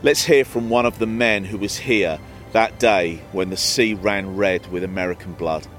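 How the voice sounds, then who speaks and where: A man presenting a documentary, narrating from a script in a solemn, measured way. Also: on the low side, fairly bright tone, faint music behind.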